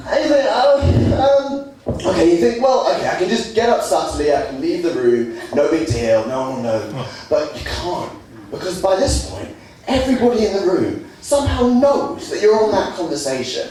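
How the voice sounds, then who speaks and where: A young man from England performing a stand-up comedy routine, lively, putting on high voices for the people he quotes. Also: moderate pace, noisy background. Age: young adult. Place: student comedy stage. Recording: echoey room from far off with audience laughter.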